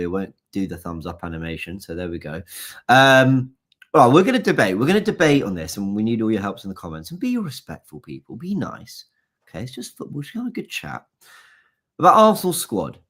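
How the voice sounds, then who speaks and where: Animated man hosting a stream. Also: lowish voice. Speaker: live stream host. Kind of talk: casual live-stream chat. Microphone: laptop stream mic.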